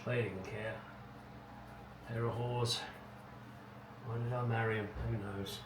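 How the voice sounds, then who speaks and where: Slowly and flatly, in a fairly low voice, a middle-aged man rambles through his car restoration project, wry and casual, with muttered asides. The home garage setting makes the audio echoey, distant and noisy.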